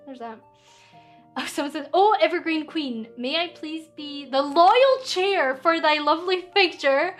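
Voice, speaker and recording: A Scottish woman casually chatting on a live stream, reading out viewer questions in an excitable, cheeky, rambling way with lots of fillers. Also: high voice.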